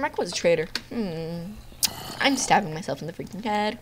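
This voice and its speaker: A woman giving playful, jokey live commentary on her own gameplay, with quick outbursts at the game. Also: lowish voice, lively intonation, a little hiss or hum. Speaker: gamer narrating her own video.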